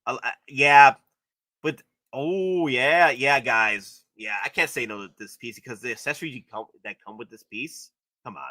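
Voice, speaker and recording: A man hosting a live stream, commenting excitedly on collectible figures and gushing with repeated exclamations. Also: mid-range voice, normal speed, no room sound, studio quality. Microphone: streaming setup.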